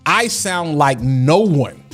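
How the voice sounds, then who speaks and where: A man's voice: a little high, sing-song, takes it slowly, a bit bright, breathy edge, soft background music. A man hosting a casual livestream, talking in a preachy way and repeating lines for emphasis. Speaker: livestream host.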